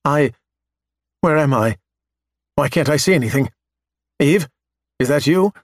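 A man's voice: a little high, fairly quick, vocal fry, no room sound, pitched above the performer's own voice. A man voicing a frightened, pleading android. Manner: panicky, pleading, almost weepy.

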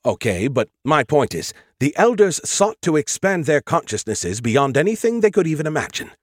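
A man's voice: fairly high pitch, very animated, moderate pace, husky, dry recording, clean studio sound, pitched above the performer's own voice. A man voicing a condescending, know-it-all male AI in an audiobook, lecturing and sarcastic. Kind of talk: audiobook character voice.

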